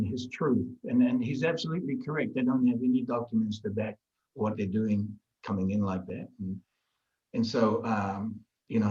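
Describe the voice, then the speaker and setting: A man in casual conversation, telling a story with lively energy and frequent restarts. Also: fairly low pitch, highs cut off. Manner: animated, lively storyteller who repeats and restarts words. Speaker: guest in a group discussion.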